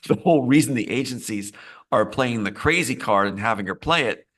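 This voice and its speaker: A man's voice: medium pitch, animated, normal speed, a bit bright. A man being interviewed as a screenwriter, talking in a meandering way, often restarting and repeating phrases. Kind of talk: live interview, casual talk.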